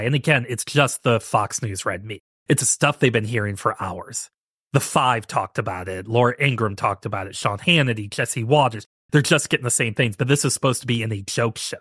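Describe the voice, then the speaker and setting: Man, casual podcast rant, sarcastic, mid-pitched voice, dry close mic. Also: a little fast, fairly bright tone, slightly rough, dry recording. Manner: sarcastic, mocking impressions of others. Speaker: podcast host. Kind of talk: casual commentary.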